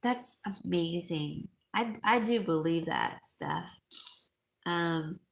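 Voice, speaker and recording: A woman's voice: lowish voice, slow, creaky. A middle-aged woman hosting a live jewelry sale, chatting emotionally with viewers and calling them by name. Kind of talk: casual chat with viewers.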